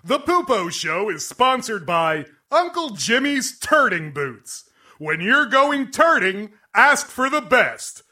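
A man's voice: extremely high pitch, very animated, takes it slowly, sharp tone, exaggerated voice. A man voicing an over-eager announcer in a spoof radio commercial. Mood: hyped. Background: music.

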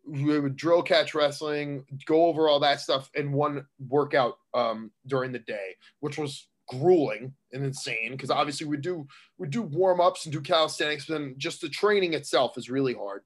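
A man, a professional wrestler, talking as an interview guest in an excitable, rambling way, restarting his sentences often. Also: on the high side, moderate pace. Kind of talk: casual interview chat.

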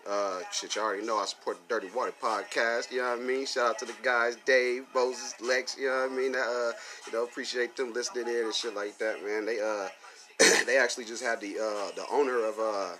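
Bright-voiced man ranting profanely. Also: fairly low pitch. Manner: profane, heated, filler-heavy with frequent laughs. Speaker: podcast host. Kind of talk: casual solo podcast rant.

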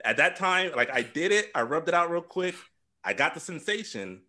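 Lively bright-voiced young man telling a crude story. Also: fairly high pitch, moderate pace. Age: young adult. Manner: rambling, profane, laughs through his story. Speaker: podcast host telling a story. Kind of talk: casual storytelling chat.

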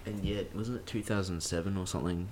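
A man's voice: deep voice, fairly even intonation, fast talker, a little mellow, slight background noise. A man co-hosting a podcast, bantering in a joking, playful way. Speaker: podcast co-host. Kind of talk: casual chat.

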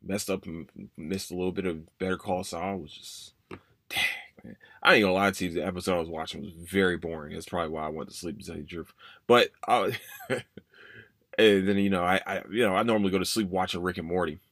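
Man, 30s, casual emotional monologue, repeats himself, slightly low pitch, dry close mic. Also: fairly even intonation, a little fast, fairly bright tone, dry recording. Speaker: podcast host.

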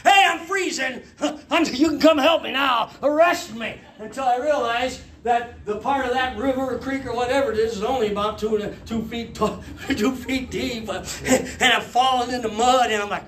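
A man in his fifties, a pastor telling a story from his past in a sermon, animated, laughing and shouting out the lines he quotes. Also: sits high, a little hiss or hum. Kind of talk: sermon testimony. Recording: echoey room with faint ambience.

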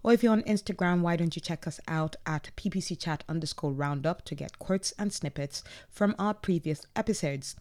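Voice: medium pitch, normal speed, hardly any pauses, darkish tone. A podcast host recapping an online chat in a casual, upbeat way, reading out posts from participants with frequent laughs and self-corrections.

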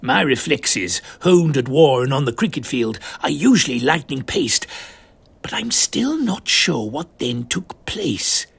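A man voicing a pompous elderly English gentleman, telling his own adventure as a comic storybook tale. His voice is gravelly and a little husky, with plenty of lively ups and downs, and he drops posh old-fashioned slang as he goes. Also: medium pitch, unhurried. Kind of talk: comic first-person narration.

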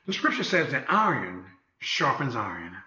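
A man preaching a sermon in a rhythmic style, full of "uh" fillers and repeated refrains, rising to shouts and sinking to quiet prayer. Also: big pitch swings, moderate pace, reverberant. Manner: swings from shouted exhortation to quiet, low prayer.

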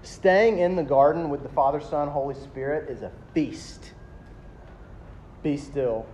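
A man, preaching a sermon as a pastor, emphatic and animated, slowing down to stress key words. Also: on the high side, slight background noise. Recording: dull lo-fi sound with faint ambience.

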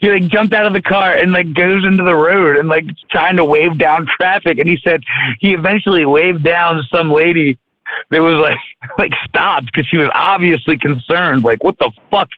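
A little high and at a normal speed, with no echo, a man from Maryland, USA, recounts a story during casual podcast chat where he's a co-host. The telling is rambling and profane, full of fillers and restarts, on a tinny, phone-like, dry recording.

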